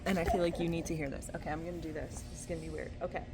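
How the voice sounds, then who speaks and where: A woman's voice: low voice, steady tone, very fast. A woman in her thirties chatting casually on her writing vlog, joking at her own expense. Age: 30s. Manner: chatty and self-deprecating. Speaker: writing vlogger. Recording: roomy echoey room.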